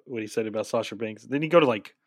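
Slightly husky man chatting casually. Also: fairly low pitch, fast, no room sound, studio quality. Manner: short backchannel replies, easygoing. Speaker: co-host. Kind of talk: casual chat.

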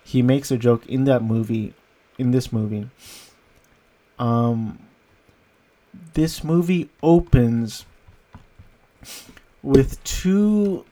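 Man, casual film review, rambling, amused, laughs a lot, mellow dark tone. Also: mid-range voice, drawn-out words, long pauses.

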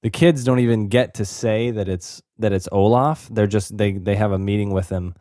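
Male podcast co-host, lowish voice, playful and casual, dry studio sound. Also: steady tone, normal speed, warm tone, no room sound. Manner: jokey, slips into silly impressions. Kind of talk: casual movie review chat.

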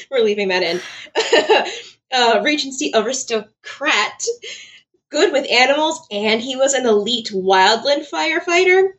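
A woman's voice: high voice, big pitch swings, a little slow, fairly bright tone, muffled recording. A woman co-hosting a book podcast who laughs a lot and reads passages aloud in a casual chat.

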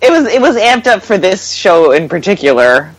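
A woman's voice: mid-range voice, moderate pace, dry recording, low-quality recording. A woman co-hosting a podcast, chatting casually and acting out what others said with exasperation. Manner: animated, exasperated, acts out quotes. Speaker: podcast co-host. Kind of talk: casual chat.

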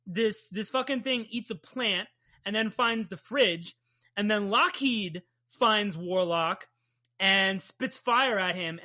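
A woman in her thirties recaps a comic issue on a podcast, swearing freely and gushing over cute moments. Her voice is bright and sits at an ordinary pitch. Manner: chatty, profane and enthusiastic. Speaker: comic book podcast host. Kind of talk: casual chat recapping a comic.

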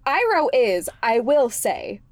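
A woman's voice: a little high, slow, no echo. A woman co-hosting a podcast, chatting casually and agreeably, often backing up her co-host. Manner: relaxed, agreeable, frequent backchannels. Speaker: podcast co-host, longtime fan of the show. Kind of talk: casual chat.

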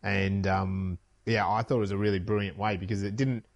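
A middle-aged man talks through a film scene in loose, rambling podcast chat. His voice sits low, and the recording is close and dry, with no room sound. He piles up quick asides as he goes. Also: level tone, gravelly, no room sound. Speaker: podcast co-host. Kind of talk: casual film discussion chat.

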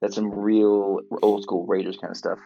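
A man co-hosting a fantasy football podcast in casual chat, dry and jokey in a measured way. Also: lowish voice, flat delivery, gravelly, mellow, breathy edge, highs cut off.

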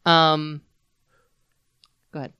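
Low, smooth-voiced young woman chatting. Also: slow pace, no room sound. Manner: relaxed, frequent "yeah" backchannels. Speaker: podcast co-host. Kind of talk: casual chat.

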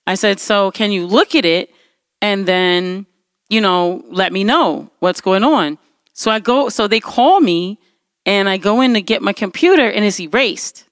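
A woman hosting a casual chat, telling stories with lively energy. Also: medium pitch, measured pace, no room sound. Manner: animated storyteller, shouts when acting out anger. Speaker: host.

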